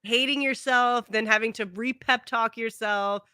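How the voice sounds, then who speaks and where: A woman's voice: on the high side, steady tone, measured pace, sharp tone, clear, resonant tone, no room sound, studio quality. A young woman guesting on a stream, chatting casually, effusive and profane, often laughing. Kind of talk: casual chat.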